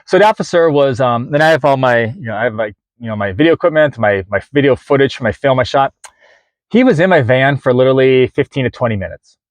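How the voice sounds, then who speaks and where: A man in his forties tells a long story to his camera, rambling and full of ums, uhs and false starts as he acts out each exchange. His voice sits at an ordinary middle pitch. The sound is dry and close, with no room echo. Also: lively intonation, fast. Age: 40s. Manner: rambling, many fillers and restarts, acts out quoted dialogue. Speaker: vlogger.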